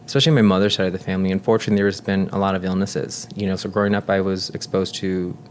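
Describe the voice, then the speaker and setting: A man in his thirties, a nurse and guest, telling personal stories in an earnest, talkative way and dropping soft and low when he reflects. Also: steady tone, very fast, slight background noise. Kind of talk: casual chat.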